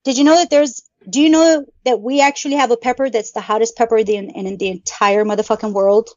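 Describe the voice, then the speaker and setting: A woman's voice: a little high, fairly even intonation, fast, a little mellow, no echo. Foul-mouthed ranting woman podcaster. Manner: swears constantly, mock-angry ranting. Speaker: podcast co-host. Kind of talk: profane casual podcast chat. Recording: dull lo-fi sound.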